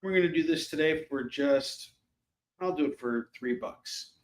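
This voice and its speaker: Chatty man pitching comics, slightly high. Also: a little slow. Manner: sarcastic, joking, chatty with many fillers. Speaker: live shopping show host selling comics. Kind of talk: casual sales pitch.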